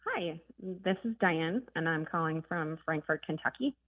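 Woman caller, phone line audio, low voice, chatty storytelling, dry sound. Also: animated, a little slow, dry recording. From northern Minnesota. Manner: chatty, storytelling with small laughs. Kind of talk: phone call to a radio show.

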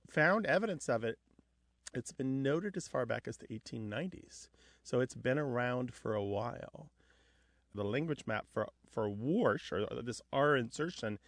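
A man's voice: mid-range voice, no echo. Male radio host, studio mic, dry close sound, explanatory talk. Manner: explanatory, lecturing on language. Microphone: studio microphone.

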